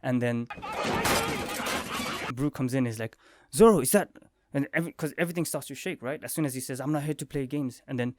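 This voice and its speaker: A young man casually reviewing the latest comic chapter, excitedly retelling scenes with quick quoted lines and sound effects. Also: medium pitch, dry recording, studio quality. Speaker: manga review vlogger.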